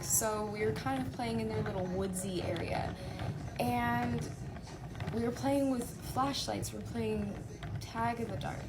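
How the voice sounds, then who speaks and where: A woman recounting a childhood memory in a relaxed, conversational storytime style. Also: on the high side. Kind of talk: casual storytime. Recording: noisy recording.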